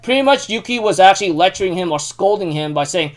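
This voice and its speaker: Male anime reviewer, fairly high voice, casual, rambling recap full of fillers. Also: lively intonation, fast talker, few pauses. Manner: rambling, heavy use of fillers.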